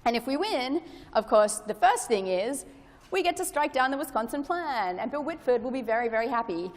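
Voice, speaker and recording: A woman's voice: sits high, expressive, brisk. A woman with an Australian accent giving an earnest, hopeful conference presentation with frequent fillers. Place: large conference hall. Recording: reverberant lecture hall.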